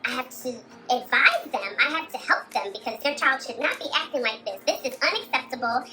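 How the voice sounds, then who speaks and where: A woman's voice: sits high, expressive, brisk, sharp tone, a little hiss or hum, voice pushed up. A woman voicing an anxious, well-meaning friend who fretfully talks herself through what to do.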